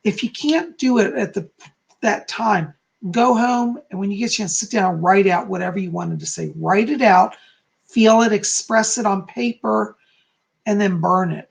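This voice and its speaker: Gravelly-voiced man giving psychic readings. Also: high-pitched, normal speed. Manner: chatty, reassuring, ends points with "okay?". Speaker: psychic host. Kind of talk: live-stream psychic reading.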